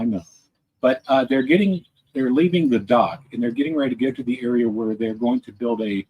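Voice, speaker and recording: A man's voice: medium pitch, darkish tone, breathy edge, poor audio. A man hosting a podcast in a casual, rambling monologue, chatty and often correcting himself. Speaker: podcast host.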